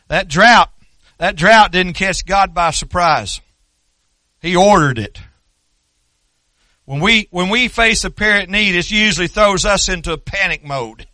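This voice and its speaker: An older Oklahoma man with a high voice preaches a sermon, drifting into folksy asides before building to loud, shouted stretches. The recording is dry.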